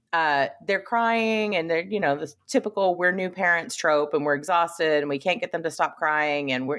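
A woman co-hosting a podcast in loose, casual chat. Her pitch sits a little low but jumps around a lot as she tells things, and she laughs often and swears without a second thought. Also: a bit bright. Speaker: podcast co-host.

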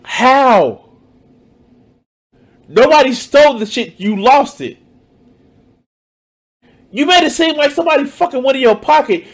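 A man with a high voice that leaps all over, speaking slowly as he reacts in mocking disbelief to what he is watching. He swears freely and drags out his exclamations. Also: lively intonation. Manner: incredulous, mocking, swears a lot. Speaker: stream reactor. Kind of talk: reaction commentary.

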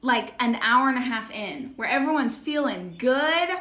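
An upbeat woman co-hosts a casual live stream from home, chatting and greeting viewers. Her voice sits a little high and sounds bright and forward. The room around her is echoey. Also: expressive, normal speed. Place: home in Texas.

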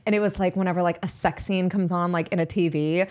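A young woman in her twenties, a podcast guest chatting casually in a bubbly, expressive way full of fillers. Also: on the low side, fast talker. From Pittsburgh, USA. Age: 20s. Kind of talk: casual chat.

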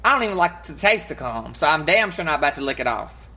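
A brash, crude woman co-hosting a casual chat show. Her pitch swings widely and her tone is bright and forceful. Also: quick pace. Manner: brash, crude and loud, animated storyteller. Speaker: podcast co-host.

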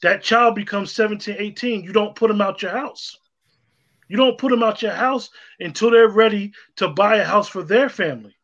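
A man's voice: high voice, moderate pace, fairly bright tone. A man co-hosting a casual online discussion, talking emphatically and repeating himself for stress. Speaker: co-host. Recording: dull lo-fi sound.

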